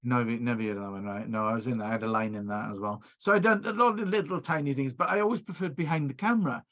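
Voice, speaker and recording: A man's voice: a little high, big pitch swings, fast talker, a bit bright, lo-fi sound. A middle-aged Welsh man, a video producer, chatting over a video call and telling stories with many restarts. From Wales. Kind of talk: casual interview chat.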